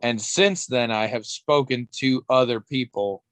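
A man's voice: mid-range voice, unhurried, dry recording. Rambling, wry man in dry casual chat. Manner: rambling, self-interrupting, wry, swears casually.

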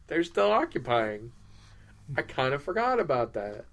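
A male podcast co-host chatting casually. His humor is dry and deadpan, and his voice sits at an ordinary middle pitch. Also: a little slow, gravelly. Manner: playful, deadpan joking. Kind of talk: casual chat.

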